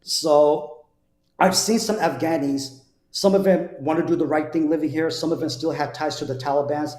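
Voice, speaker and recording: A man from New Jersey with a high-side, darkish voice tells his conversion story at a moderate pace and in a steady tone. As a guest he's earnest and conversational, often restarting with repeated words; the recording has roomy echo.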